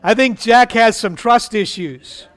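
A man's voice: high-pitched, measured pace, fairly bright tone. A man pastor leading prayer and preaching a sermon in an emphatic, fervent way.

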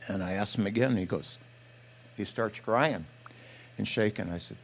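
An older man speaking from a church platform, telling a folksy, animated story with quoted dialogue in a sermon. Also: lowish voice, moderate pace, vocal fry, slight background noise. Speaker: pastor or missionary speaker.

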